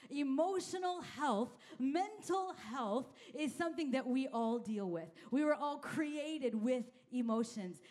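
A middle-aged woman pastor with a high-sitting voice preaches an energetic, conversational sermon, calling out to her congregation.

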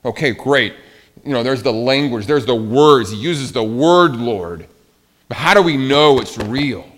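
A man preaching a sermon in a conversational, animated way, swinging between soft and loud. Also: mid-range voice, unhurried, a little hiss or hum. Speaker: pastor.

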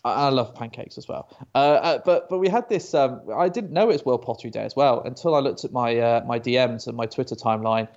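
Chatty British man, gravelly voice. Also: mid-range voice, fast talker, few pauses, darkish tone, muffled recording. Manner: stammering restarts, chatty storytelling. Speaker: guest. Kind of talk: casual interview chat.

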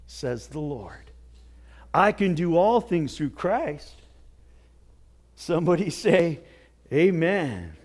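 A male pastor preaching a sermon with earnest exhortation, dropping to near whispers and rising to shouts. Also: on the high side. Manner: swings from hushed to shouting.

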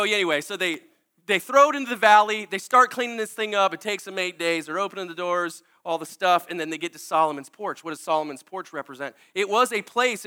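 A man's voice: high-pitched, pushed and bright. A man preaching a sermon, earnest and candid, at times tearful, often restarting his sentences.

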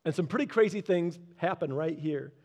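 A man preaching a sermon in a conversational way, adding humorous asides and dropping quiet and slow for the solemn points. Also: a little high, animated. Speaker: pastor.

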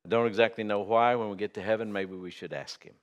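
A man's voice: lowish voice, steady tone, fast, lo-fi sound. A middle-aged or older man preaching a sermon as a pastor, folksy and conversational with humor and fillers. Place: church sanctuary. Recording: long hall reverb.

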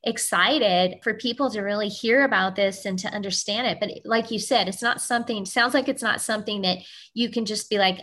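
A woman's voice: mid-range voice, normal speed, fairly bright tone. Woman host asking affirming questions. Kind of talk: faith talk show interview.

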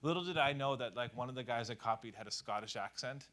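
A man preaching a conversational sermon in a lively, animated way, full of casual fillers. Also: mid-range voice, fast talker. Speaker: pastor.

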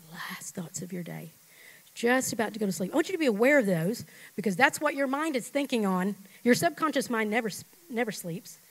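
A middle-aged woman pastor preaching a sermon, emphatic, leading the congregation in call-and-response and dropping at times to a hush. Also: high voice, poor audio. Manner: emphatic, swings from loud to hushed.

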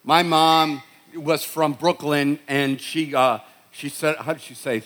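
Man, Boston accent, middle-aged pastor, sermon, conversational storytelling, somewhat high voice. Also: steady tone, measured pace, a bit bright. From Boston, USA. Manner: conversational storytelling with repeated restarts.

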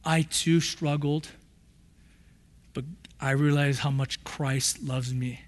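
A preacher giving voice to a humbled apostle. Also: male voice, on the high side, fairly even intonation, slow pace, voice pushed down. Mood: humble. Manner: earnest, confessional. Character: apostle Peter, humbled grown man confessing. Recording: long hall reverb.

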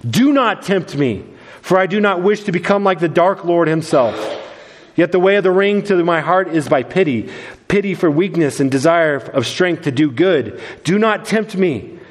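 A man's voice: high voice, animated, moderate pace, voice pushed up. A man reading aloud as a wise old male wizard, grave and earnest. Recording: long hall reverb.

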